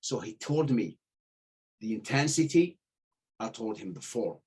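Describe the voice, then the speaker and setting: A middle-aged man telling stories in casual chat, animated, acting out the voices of the people he quotes and swearing freely. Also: on the low side, a little slow, husky. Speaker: podcast guest telling stories.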